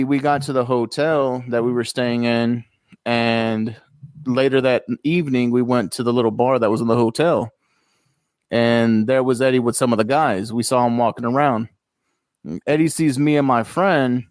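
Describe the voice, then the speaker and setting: A man chats on a podcast in an easy, storytelling way. His voice sits in a middle pitch and the sound is dry and close, with no room around it. He livens up whenever he acts out what someone else said. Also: moderate pace, no room sound. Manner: storytelling, animated when quoting others. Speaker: podcast co-host. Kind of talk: casual podcast chat.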